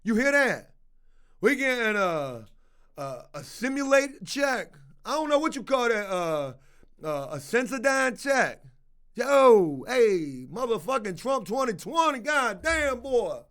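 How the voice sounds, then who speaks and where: A man putting on the voice of a rowdy, excitable male prison inmate who talks loud and stumbles over his words. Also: very high-pitched, slow, voice pushed up, heavily acted. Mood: hyped.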